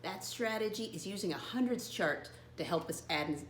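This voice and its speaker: Woman teacher, lively sing-song voice, spells words out slowly, echoey room, a bit off-mic. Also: mid-range voice, slight background noise. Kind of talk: lesson for young children.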